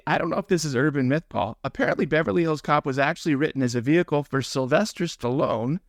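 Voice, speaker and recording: A man's voice: fairly high pitch, fast talker, no room sound, clean studio sound. A man hosting a podcast, asking questions and laughing along with his guest. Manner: laughs easily, reacts briefly. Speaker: podcast host. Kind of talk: interview questions.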